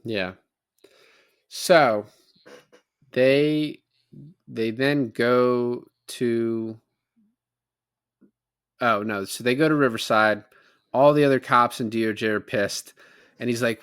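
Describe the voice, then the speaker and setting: A man's voice: medium pitch, fairly even intonation, measured pace, long pauses, a bit bright, clean tone, dry recording, studio quality. A man co-hosting a podcast, casually recapping a film and quoting its lines in a rambling way. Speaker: podcast co-host. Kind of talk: casual movie recap chat.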